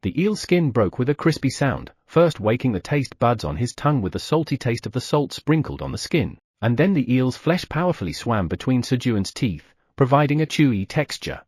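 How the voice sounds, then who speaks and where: A man narrating an audiobook in a lively storytelling manner, voicing the sound effects. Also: mid-range voice, moderate pace, hardly any pauses, husky, dry recording, studio quality. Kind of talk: scripted narration.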